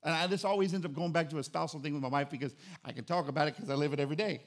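Pastor, middle-aged man, high gravelly voice, animated joking sermon delivery. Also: racing. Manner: conversational preaching, animated and joking.

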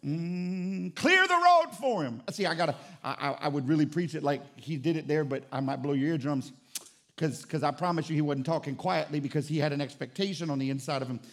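A male pastor preaching a sermon, emphatic and full of rhetorical questions, sometimes rising to shouted declarations. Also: on the high side, fairly even intonation, fairly quick.

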